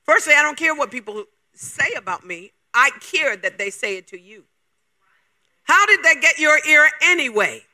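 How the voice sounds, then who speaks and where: Guy preaching, really high sharp voice, hammering the crowd w questions. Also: big pitch swings. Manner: emphatic, fires rapid rhetorical questions. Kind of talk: sermon.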